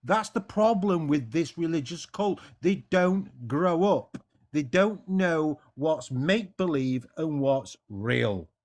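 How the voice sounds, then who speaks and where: Fired-up English man with a lively voice. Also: fairly high pitch, takes it slowly. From England. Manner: passionate, stammering with repeated words. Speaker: caller debating a streamer. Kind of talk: heated casual debate.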